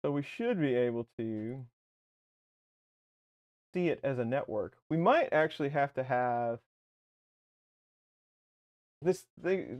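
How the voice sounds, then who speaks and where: A man's voice: mid-range voice, darkish tone. A man co-hosting a casual tech livestream from a home basement, rambling and correcting himself as he explains things step by step. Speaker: livestream co-host. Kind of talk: casual live tech chat.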